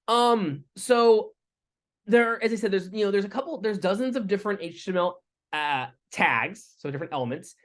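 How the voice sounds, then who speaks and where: Man lecturing, casual with restarts. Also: sits high. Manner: relaxed, thinking aloud with fillers and restarts. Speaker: instructor. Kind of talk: lecture with live coding.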